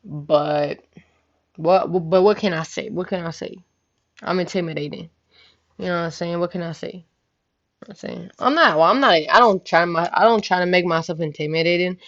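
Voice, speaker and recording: A young woman vlogger tells a casual, rambling, profane story, often asking "you know what I'm saying." Her voice is lowish at a normal speed, and the recording sounds muffled.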